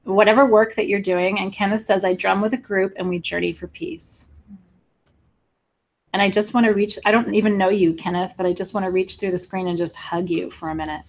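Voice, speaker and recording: A woman hosts a live sale stream, gushing over each piece and speaking straight to her viewers. She laughs easily, and her talk runs warm and emotional, with a voice at an ordinary middle pitch. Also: flat delivery, a little fast. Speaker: livestream crystal seller.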